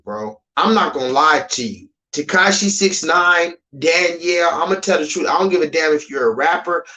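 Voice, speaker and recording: A man's voice: sits high, sharp tone, low-quality recording. Emphatic ranting male streamer. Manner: emphatic, repetitive, swears freely. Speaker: live streamer. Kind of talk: ranting live-stream commentary.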